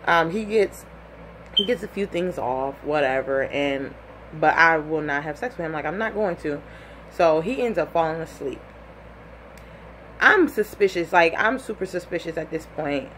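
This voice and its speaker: A young woman telling a personal story in a casual, animated way, full of "like" and acted-out quotes. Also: sits low, moderate pace, slight background noise.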